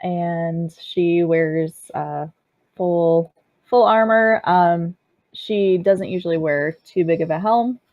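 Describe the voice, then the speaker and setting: Female player, slow and hesitant, lower pitch; dull lo-fi sound. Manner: hesitant, with many fillers. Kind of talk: describing her character at a tabletop game.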